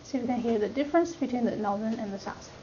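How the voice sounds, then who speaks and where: A woman with a Chinese accent, originally from China, teaches a language class in a warm, slightly high voice at a fast clip. She lays things out patiently, checking understanding with "right?" along the way. The recording is muffled and picks up classroom background noise.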